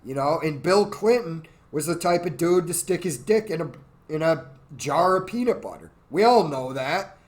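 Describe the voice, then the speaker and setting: Man, drunk, profane rant, rambling, slightly raised pitch. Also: expressive, normal speed. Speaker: podcast host.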